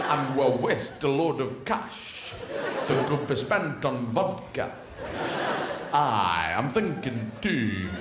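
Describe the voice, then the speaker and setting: A man in a stand-up show putting on a slow, deadpan Russian accent to voice a weary male space official, heard in an echoey theatre with audience laughter. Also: medium pitch, heavy background noise, pitched below the performer's own voice. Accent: put-on Russian. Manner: slow, heavy, deadpan complaining. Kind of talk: stand-up comedy.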